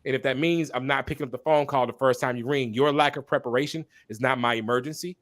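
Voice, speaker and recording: A man speaking as a podcast guest and minister, talking candidly and passionately, repeating phrases for emphasis like a preacher and pausing to apologize for talking so long. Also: mid-range voice, fairly even intonation, a bit bright. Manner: apologetic asides to listeners. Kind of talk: candid conversational testimony.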